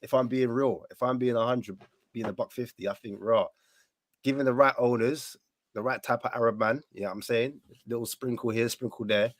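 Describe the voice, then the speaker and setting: A man chats about football in a slangy, animated way and breaks into mock voices as he tells a story. The sound is dry and close, with little room around it. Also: medium pitch, fairly quick, no echo. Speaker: panelist, Tottenham fan. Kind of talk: casual football chat.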